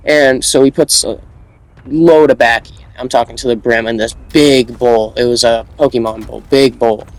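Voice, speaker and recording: A young man tells a story in a loose, casual monologue. He rambles, repeats himself and restarts his sentences, and his slangy talk sits at a middle pitch for a man. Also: fairly even intonation, normal speed, rough recording.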